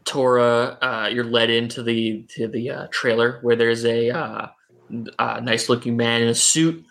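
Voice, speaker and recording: A man running a tabletop role-playing game as game master, narrating scenes with frequent halting fillers. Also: medium pitch, steady tone, creaky, a bit bright.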